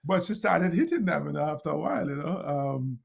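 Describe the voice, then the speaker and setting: Middle-aged Jamaican-accented man, gravelly, animated storyteller; interview guest. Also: fairly high pitch, a little fast. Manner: animated storyteller, laughs often, acts out quotes. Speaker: guest, motivational speaker.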